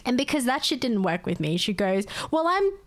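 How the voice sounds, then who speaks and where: A woman's voice: mid-range voice, lively intonation, a little fast. A woman streamer telling a story in casual chat, laughing often and swearing freely.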